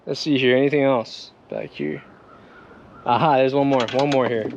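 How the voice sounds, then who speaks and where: A young Midwestern man, maybe from Minnesota, gives a casual walkthrough of his boat setup at a normal pace, his voice mid-range and the audio dull. He rambles with many fillers and laughs frequently as he moves around. The camera is set on the boat, distance varies, and outdoor noise is clearly heard.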